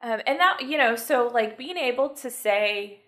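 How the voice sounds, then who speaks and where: A woman with a bright, sharp voice talks as a pastor guest on a podcast. Her manner is teasing and quick-witted, with dry jabs. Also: fairly high pitch, lively intonation. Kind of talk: casual podcast conversation.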